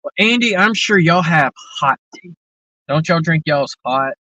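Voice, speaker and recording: A man's voice: fairly high pitch, expressive, unhurried, pushed and bright, no echo, poor audio. A man from the American South with a Southern accent, hosting a livestream and chatting to viewers in a rambling, drawling way full of fillers. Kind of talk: casual chat.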